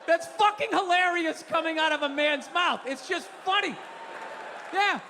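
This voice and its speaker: A man in his fifties works a live stand-up set with a high, bright, sharp voice, swinging from low grumbles into shouted, profane rants. The sound is roomy, with a long theater reverb and a faint crowd behind him. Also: normal speed, slight background noise. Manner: animated, profane ranting with sudden shouts. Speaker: stand-up comedian. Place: comedy club stage. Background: audience laughter.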